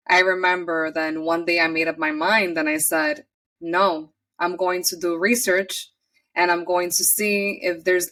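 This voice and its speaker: A woman's voice: lowish voice, a bit bright, distant mic. A woman from New York City, a podcast guest telling her personal story in an earnest, chatty way and often acting out her own past words.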